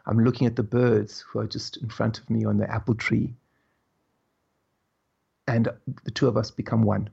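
A man as an interview guest, telling stories in a slow, reflective way with soft laughs. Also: fairly low pitch, flat delivery, creaky, breathy edge, muffled recording. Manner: slow, musing, laughs softly between thoughts. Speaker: guest, spiritual teacher. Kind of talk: reflective conversational storytelling.

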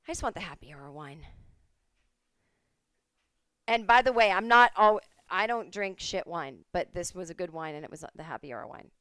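Chatty woman podcaster, smooth dry voice. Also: on the low side, expressive, moderate pace, pauses often, bright, forceful tone, no room sound. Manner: chatty, swearing, acts out quoted voices. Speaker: podcast host. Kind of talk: casual storytelling monologue. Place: at home.

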